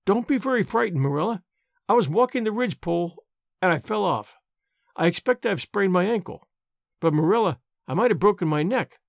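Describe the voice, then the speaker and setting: Storybook girl, imaginative and dramatic, read by a man; lifted, animated delivery. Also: high-pitched, fairly quick, gravelly, no room sound, studio quality. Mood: solemn. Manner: earnest, solemn, wordy. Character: imaginative dramatic girl, eleven years old.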